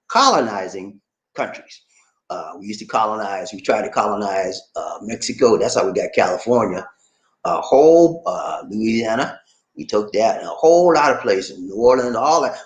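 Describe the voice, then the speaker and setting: A man hosts a casual livestream from an echoey room, his voice rising and falling a lot as he talks to viewers. He reads out comments and laughs often. He grew up in Charleston, South Carolina. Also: medium pitch. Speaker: livestream host.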